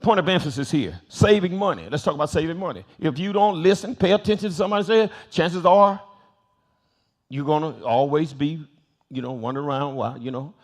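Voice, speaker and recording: A man's voice: a little high, brisk. An older man, a bishop and pastor, teaching a Bible study in sermon style, telling stories, acting out quoted voices and repeating phrases for emphasis. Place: church sanctuary.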